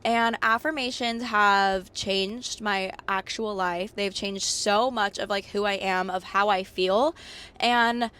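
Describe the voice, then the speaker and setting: A young woman talks through her podcast in a bubbly, slangy ramble, her voice pitched at an ordinary middle height. A cold leaves it slightly hoarse, with the odd crack. She swoops her pitch up and down for emphasis. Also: steady tone, slow pace, pushed and bright. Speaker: podcast host. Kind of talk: casual solo podcast chat.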